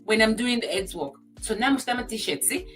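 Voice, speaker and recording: Woman, talk show panelist, emphatic, heartfelt, somewhat high voice. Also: animated, moderate pace, a bit bright, faint music behind. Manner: acts out friend's remarks in quoted voices. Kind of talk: casual chat.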